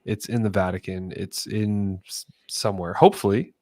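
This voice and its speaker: A man's voice: lowish voice, steady tone, normal speed, a little mellow, no room sound, clean studio sound. A man co-hosting a casual late-night podcast, talking hesitantly with lots of filler words. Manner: hesitant, many fillers like 'like' and 'um'. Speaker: podcast co-host.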